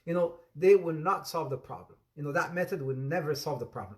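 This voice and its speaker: On the high side but darkish in tone, this man speaks fast with few pauses. He's an Islamic teacher giving an interactive religious lesson, repeating phrases for emphasis, calling on students by name, and laughing often through playful jokes.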